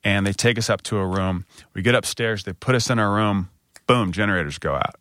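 A man in his thirties with an American accent, co-hosting a podcast and telling a personal story candidly, getting animated when he quotes people. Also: fairly low pitch, fairly quick, dry recording, studio quality. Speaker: podcast co-host. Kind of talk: casual storytelling chat.

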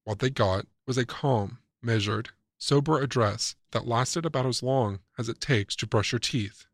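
A man narrating a scripted reflective essay as a commentator, calm, measured and persuasive. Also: medium pitch, no echo, clean studio sound.

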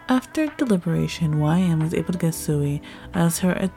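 A woman narrating a fan fiction story with a steady storytelling read. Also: deep voice, normal speed, faint music behind.

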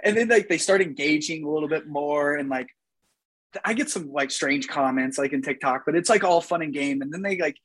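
A man's voice: on the high side, fairly quick, fairly bright tone, slightly rough, no room sound, poor audio. Young man rambling in casual chat. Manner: rambling, lots of "like" fillers. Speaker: podcast guest.

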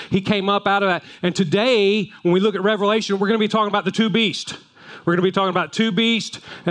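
A man's voice: high-pitched, a bit bright. A man preaching a sermon as pastor, telling folksy stories with frequent restarts. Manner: folksy storytelling with repeated restarts.

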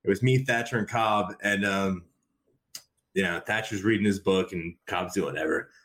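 A man's voice: low voice, normal speed, a bit bright. A man talking casually as a podcast guest, rambling with many repeated fillers and restarts. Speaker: podcast guest, wrestling commentator. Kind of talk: casual conversation.

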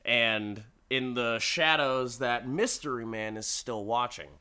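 Man, casual comedic recap, crude, rambling, slow, bright. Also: medium pitch, clean tone. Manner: rambling, crude, laughs at own jokes. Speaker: podcast host recapping an episode.

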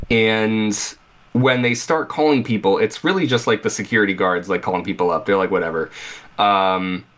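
Animated young man telling a story. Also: fairly low pitch. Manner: animated storytelling, acting out remembered reactions. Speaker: podcast co-host. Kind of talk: casual podcast chat.

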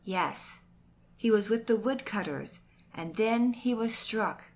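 A woman's voice: mid-range voice, animated, slow. A woman reading as a gasping male messenger. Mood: urgent. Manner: gasping, urgent. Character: breathless male farmhand messenger.

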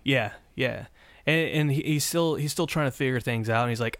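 Male podcast host, casual and rambling, average pitch, dry close recording. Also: moderate pace, a bit bright, no room sound. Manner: rambling, many restarts and fillers. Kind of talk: casual episode recap.

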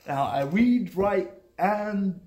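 A young man, a native Arabic speaker, telling his story in a relaxed, casual conversation and acting out the people he quotes. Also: high-pitched, extremely slow, roomy sound, a crowd in the background. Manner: relaxed, uses "like" and "bro", acts out quotes. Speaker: guest.

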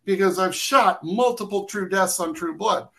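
A man's voice: high-pitched, normal speed, a bit bright, rough recording. A man who works as a camera operator, telling behind-the-scenes stories in a casual interview, rambling with many restarts and fillers.

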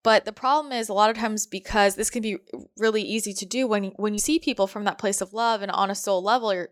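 Chatty woman giving spiritual advice. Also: medium pitch. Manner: chatty, many fillers, laughs softly. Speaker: spiritual guide. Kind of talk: casual spiritual advice talk.

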